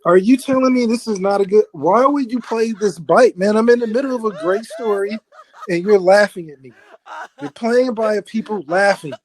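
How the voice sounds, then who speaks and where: A man hosting live radio, telling a story in a halting, exasperated way and scolding the person playing sound effects. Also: sits high.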